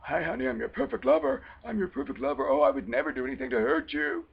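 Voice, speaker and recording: A man's voice: very high voice, sing-song, fast talker, vocal fry, slightly rough, narrow, tinny audio, pitched above the performer's own voice, exaggerated voice. Man putting on a sneering abusive boyfriend. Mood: mock-sweet. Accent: American country twang.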